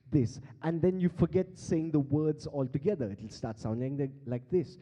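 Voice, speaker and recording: A man's voice: fairly high pitch, normal speed, hardly any pauses, mellow. Playful man in a long-reverb hall. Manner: playful, quizzes the crowd, laughs often. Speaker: beatbox performer teaching the audience. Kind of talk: live interactive stage workshop. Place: large conference hall stage. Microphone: handheld stage mic.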